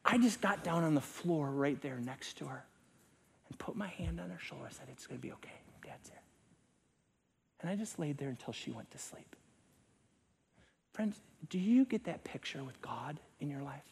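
A middle-aged male pastor preaching a sermon, swinging between loud emphasis and hushed, near-whispered lines. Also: fairly high pitch, lively intonation, moderate pace, creaky, a little hiss or hum.

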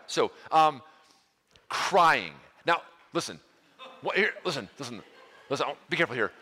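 A man's voice: sits high, pushed and bright. A middle-aged male pastor preaching in a casual, earnest way, with many restarts and asides. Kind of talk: conversational sermon to a live room. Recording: long hall reverb.

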